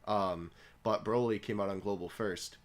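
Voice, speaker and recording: A man's voice: lowish voice, fairly even intonation, normal speed, noisy background. A young man co-hosting a casual gaming podcast, laughing often and trailing off with fillers. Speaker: podcast co-host.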